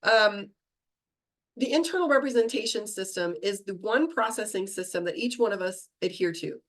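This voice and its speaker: A middle-aged woman teaching a meditation class, talking fast and chatty and laughing at herself. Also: medium pitch.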